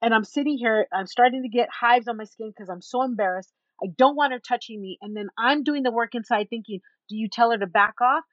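A woman guest in an interview, telling a story in an animated way and acting out the people in it. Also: fairly high pitch, brisk, few pauses, no echo, lo-fi sound. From Texas. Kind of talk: storytelling in a conversation.

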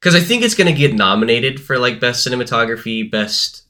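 Bright-voiced man rambling about movies. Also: medium pitch, animated, brisk. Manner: rambling, self-correcting, hedging. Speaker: podcast co-host. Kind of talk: casual movie review chat.

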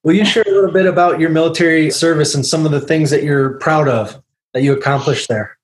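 A man hosting an interview show, asking encouraging, measured questions. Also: on the high side. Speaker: podcast host.

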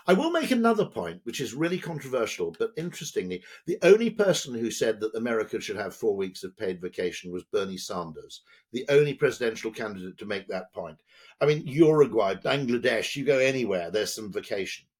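An older British man, husky-voiced with a lively, swooping pitch, appears as a guest on an energetic podcast conversation. The advertising executive is animated and digressive, repeatedly asking "okay?"

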